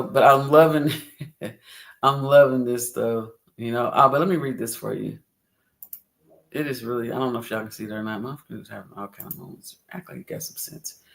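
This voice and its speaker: A man hosts a casual livestream into a computer mic. His voice is gravelly with a lot of fry and sits at a middle pitch. He talks in an upbeat, rambling way, laughs often and repeats phrases. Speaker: livestream host.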